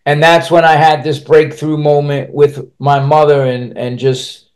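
A man's voice: fairly high pitch, little pitch movement, measured pace, darkish tone. A man speaking as a podcast guest, telling a personal story candidly and bluntly, swearing freely and restarting his sentences as he rambles on.

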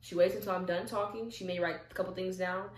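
A young woman vlogging from a chair at home, telling a story with lots of animated acted-out dialogue. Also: on the low side, fast, roomy sound. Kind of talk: casual talk to camera.

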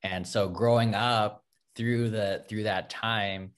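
A man's voice: on the low side, fairly even intonation, slow. A man from California who danced in the film, speaking earnestly and reflectively on a video call. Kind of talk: casual panel talk.

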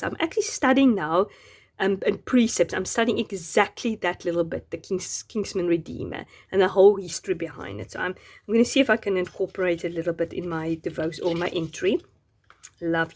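A woman's voice: on the low side, slightly rough. A woman casually showing and using Bible journaling craft supplies, gushing over each item. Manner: gushing, admiring every item.

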